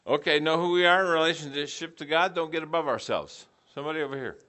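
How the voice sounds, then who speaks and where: A man's voice: on the high side, fast, pushed and bright. A middle-aged man teaching a preaching class, putting questions to the group and repeating back their answers.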